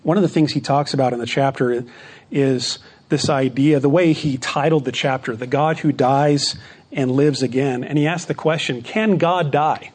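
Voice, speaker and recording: A man's voice: mid-range voice, fairly even intonation, moderate pace, slightly rough. A man preaching a sermon, earnest and often asking rhetorical questions for agreement. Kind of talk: sermon or Bible teaching.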